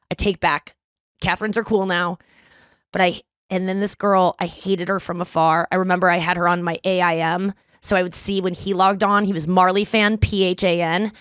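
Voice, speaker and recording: A woman in her thirties hosting a podcast, telling a story in casual chat, swearing freely and acting out the people she quotes with lively jumps in pitch. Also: no room sound, clean studio sound. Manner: animated, profane, acts out quoted lines. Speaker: podcast host.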